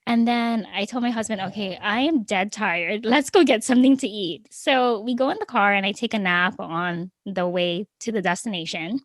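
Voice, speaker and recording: A woman guest on an interview podcast, telling her story in a lively, casual way. Her voice sits in a middle pitch and is recorded dry, with no room sound. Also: normal speed, few pauses, no room sound. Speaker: guest, small business owner.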